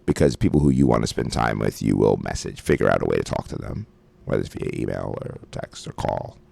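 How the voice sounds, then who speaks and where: A man's voice: extremely low pitch, expressive, brisk, vocal fry, a little mellow. A man co-hosting a podcast in a studio, chatting casually in a loose, joking way and swearing freely. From Brooklyn, New York. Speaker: podcast co-host. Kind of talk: casual chat. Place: radio studio. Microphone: studio mic.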